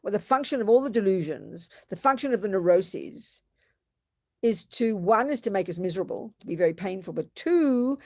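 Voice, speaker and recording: A woman's voice: medium pitch, expressive, moderate pace, darkish tone, dry recording, studio quality. An older woman giving an earnest, emphatic Buddhist teaching, repeating phrases for stress. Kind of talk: dharma talk.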